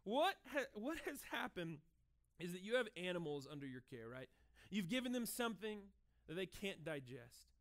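A man in his thirties preaching a sermon in a conversational, animated way, acting out short dialogues as he goes. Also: high voice, moderate pace. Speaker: pastor.

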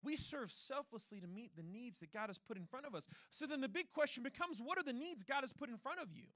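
This male church pastor has a very high-pitched voice and talks fast, with no echo on the recording. He preaches by telling animated stories laced with rhetorical questions.

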